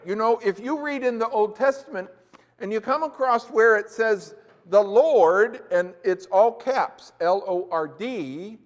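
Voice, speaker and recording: A man preaching a sermon as a pastor, talking conversationally and asking the congregation questions. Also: high-pitched. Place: church. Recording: echoey church hall.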